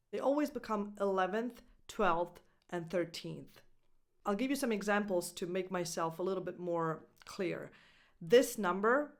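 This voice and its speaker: A woman whose first language is Italian, teaching English pronunciation as a coach and enunciating each example carefully. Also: mid-range voice. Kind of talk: pronunciation lesson.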